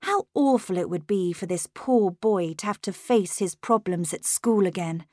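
A woman narrating a first-person story in a measured, unhurried storytelling manner. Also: medium pitch, a little mellow, no echo, clean studio sound. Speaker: audiobook narrator.

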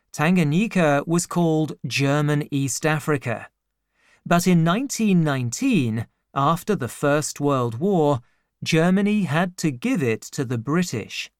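Slow, measured male audiobook narrator. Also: fairly high pitch, no room sound, clean studio sound. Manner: slow, measured, plain storytelling. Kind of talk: scripted first-person narration.

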